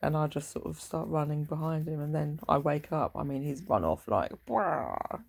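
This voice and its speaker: Middle-aged woman, lowish voice with heavy fry and a husky edge, loose, rambling, sweary chat. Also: brisk, darkish tone. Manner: rambling, sweary, laid-back. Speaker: parent. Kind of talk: casual chat.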